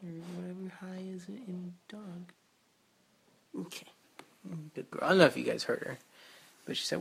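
A man's voice: high-pitched, expressive, moderate pace, vocal fry, long pauses, fairly bright tone, a little hiss or hum. A man hosting a casual solo podcast from his kitchen at home, rambling and joking with self-mocking humor. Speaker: podcast host.

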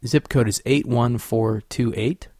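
A young man from Sacramento hosting a solo podcast, rambling and profane, swinging between quiet musing and loud ranting. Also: mid-range voice, fairly even intonation, a little slow, slightly rough, dry recording, studio quality. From Sacramento, California. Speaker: podcast host.

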